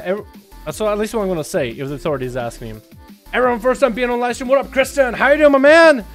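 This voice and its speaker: A man streaming a game, chatting casually with viewers, greeting them by name, teasing and swearing. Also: sits high. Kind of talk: casual livestream chat.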